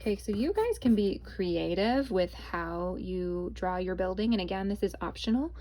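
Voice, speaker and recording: A woman's voice: mid-range voice, animated, moderate pace, a little mellow, a little hiss or hum. Cheerful young woman teaching children. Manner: cheerful, chatty, addresses kids as guys. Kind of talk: casual video lesson for children. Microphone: phone held in hand.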